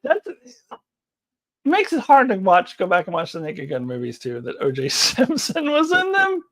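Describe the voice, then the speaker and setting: A middle-aged woman chats loosely on a live stream and reacts to viewer comments. Her pitch swoops up and down in an animated way. She giggles often and drifts off into ums and uhs. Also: moderate pace. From United States. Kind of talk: casual live chat, reading comments.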